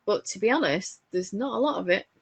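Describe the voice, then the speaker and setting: A woman's voice: medium pitch, animated, a little fast, breathy edge, no room sound. A woman with a Northern English accent, co-hosting a casual crafting chat and telling family stories. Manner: chatty, warm anecdotes with frequent laughs. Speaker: podcast co-host.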